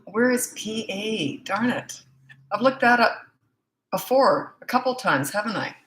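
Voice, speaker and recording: A woman's voice: fairly high pitch, lively intonation, unhurried, a bit bright, slight background noise, poor audio. A woman with a Canadian accent, a parenting coach, chatting frankly with viewers on a live-stream Q&A and greeting them by where they are. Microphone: own set-up microphone.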